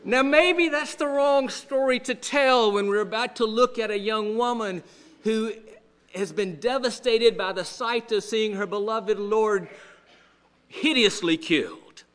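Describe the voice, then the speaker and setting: A male pastor preaching a sermon with humorous storytelling, animated but dropping to a hush at solemn moments. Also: sits high, measured pace, clean tone.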